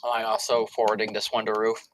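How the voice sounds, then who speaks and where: A woman's voice: rumbling low, little pitch movement, fast, low-quality recording. Hesitant woman on a casual podcast. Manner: hesitant, questioning. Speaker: podcast participant. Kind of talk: casual chat.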